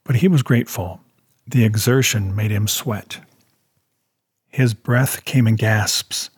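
A man narrating a story in a steady audiobook style. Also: on the low side, measured pace, husky, no room sound, clean studio sound. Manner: steady storytelling, voicing characters.

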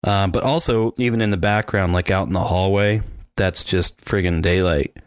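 A man co-hosting a podcast in casual chat, animated and mimicking sounds as he describes scenes. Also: low voice, normal speed, clean tone, no echo, clean studio sound. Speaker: podcast co-host.

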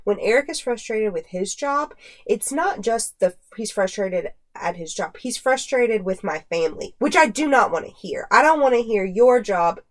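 Animated, laughing woman hosting a podcast. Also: medium pitch, moderate pace, few pauses. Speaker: podcast host. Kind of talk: casual chat.

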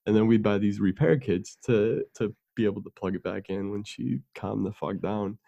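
Low gravelly man telling stories. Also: moderate pace, warm tone, muffled recording. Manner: rambling storytelling with laughs and fillers. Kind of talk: casual conversation.

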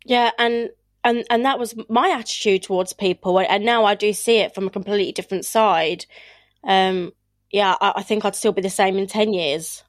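A woman's voice: medium pitch, fairly even intonation, moderate pace, no echo. A woman, chatting candidly and emotionally on a podcast, often laughing and restarting her sentences. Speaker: podcast host. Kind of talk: casual chat.

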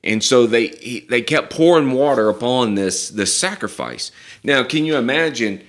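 A man preaching a sermon, reading scripture aloud and retelling it in casual, animated speech. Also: medium pitch, normal speed.

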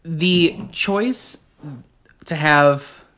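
A woman's voice: sits low, drawn-out words, fairly bright tone. A woman co-hosting a podcast, chatting enthusiastically about movies with emphatic agreement. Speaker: podcast co-host. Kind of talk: casual movie chat.

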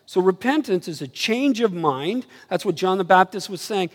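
A man preaching a sermon, telling stories animatedly and swinging from low murmurs to excited highs. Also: normal speed, hardly any pauses. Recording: reverberant hall.

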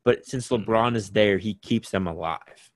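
A man's voice: on the low side, measured pace, no room sound. A young man co-hosting a podcast, chatting casually about basketball with lots of "like" fillers. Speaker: podcast co-host. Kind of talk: casual sports chat.

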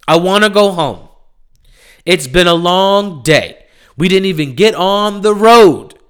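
A male comedian rants through a story in a high, bright, tense voice. He sounds exasperated, and his telling is loose and profane. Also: lively intonation, slow, clear, resonant tone. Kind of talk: stand-up storytelling.

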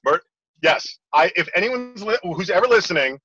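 A man telling stories in a casual chat, animated and laughing often. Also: high voice, moderate pace, breathy edge, no room sound, faint music behind. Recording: lo-fi audio.

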